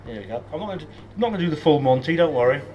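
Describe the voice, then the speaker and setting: Welsh-born man, accent gone English, guest speaker: halting, full of ums, slightly high voice, faint ambience in the room. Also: lively intonation, highs cut off, a little hiss or hum. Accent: English, lost Welsh accent. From Wales. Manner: hesitant, many ums, joking asides. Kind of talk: lecture to a live audience. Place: pub function room.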